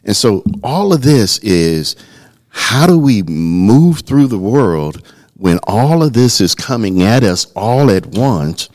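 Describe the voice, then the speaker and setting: Deep-voiced earnest male pastor. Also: sing-song, slow, darkish tone. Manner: earnest, storytelling, repeats words when starting. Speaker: pastor and podcast co-host. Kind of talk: casual podcast conversation.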